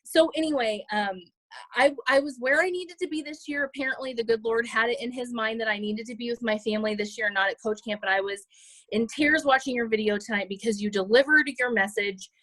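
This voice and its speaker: A woman on a group call, holding back tears and rambling warmly with many fillers. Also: on the high side, fairly quick, no room sound, rough recording. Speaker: team member on a group call. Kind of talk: emotional tribute on a group call.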